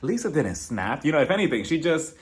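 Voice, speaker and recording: A man's voice: on the high side, sing-song, brisk. A man hosting a casual, gossipy recap of a reality TV episode, chatting and acting out what people said in playful voices. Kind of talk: casual episode review commentary.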